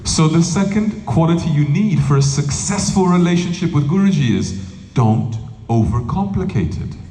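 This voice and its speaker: Lively storytelling man in echoey hall. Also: fairly high pitch, moderate pace, faint music behind. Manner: lively storytelling, acts out quoted voices. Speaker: monk and spiritual teacher. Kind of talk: humorous spiritual talk with anecdotes. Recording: roomy hall with faint noise.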